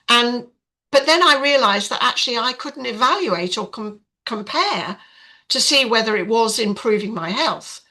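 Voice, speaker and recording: A woman's voice: on the high side, animated, moderate pace, pushed and bright, poor audio. An older woman telling her personal story as a podcast guest, in a frank, chatty way with many fillers. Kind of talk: casual storytelling.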